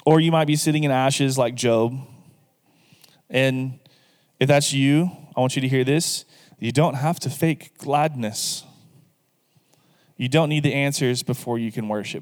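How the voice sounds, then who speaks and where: A male pastor delivering a sermon in a church sanctuary, his voice smooth and resonant. He talks earnestly and directly to the people in front of him, then leads them line by line in prayer. A long hall reverb trails behind his words. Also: mid-range voice.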